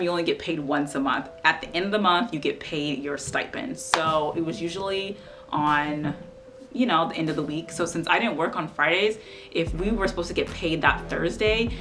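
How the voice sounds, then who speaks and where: Low-voiced young woman telling a story. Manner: animated, exasperated storytelling full of "like". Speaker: vlogger. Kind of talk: casual storytelling vlog.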